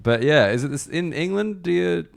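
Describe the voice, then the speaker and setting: Gravelly Australian podcast host. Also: male voice, fairly high pitch, expressive, moderate pace. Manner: chatty, laughing, lots of fillers. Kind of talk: casual podcast chat.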